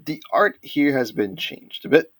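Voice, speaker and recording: A man co-hosting a casual comic book discussion, chatty and quick to recap scenes with quoted lines. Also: on the high side, big pitch swings, fairly bright tone, no echo. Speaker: podcast co-host.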